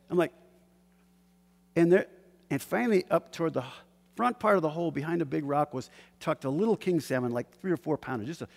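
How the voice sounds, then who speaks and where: A man telling a personal fishing story in a lively, animated way, acting out shouts and gasps. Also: on the high side, creaky. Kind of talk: casual spoken story. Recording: hall with long reverb.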